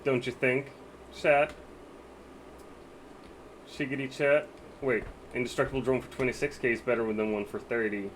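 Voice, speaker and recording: A man's voice: medium pitch, steady tone, normal speed, pauses often, a little hiss or hum. A man live-streaming a game, chatting casually with his viewers and thinking aloud about what to buy.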